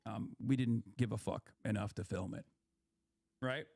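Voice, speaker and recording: A man's voice: lowish voice, fairly even intonation, measured pace, vocal fry, warm tone, no room sound. A young man, a political commentator, ranting in a heated, profane, rambling way on a stream.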